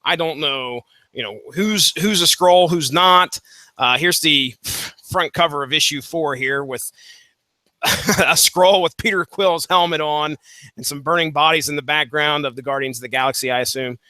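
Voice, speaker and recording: A man with a very bright, sharp voice hosts a comics podcast in a relaxed, casual way. He sounds dry and close, with no room sound, and his pitch sits a little high. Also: moderate pace, dry recording. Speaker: podcast host.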